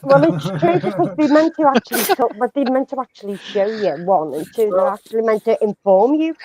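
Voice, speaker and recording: A woman's voice: on the high side, animated, brisk, a little mellow, a little hiss or hum. A woman chatting casually on a livestream panel in a blunt, sweary way. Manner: blunt, sweary, laughs along. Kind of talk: casual chat.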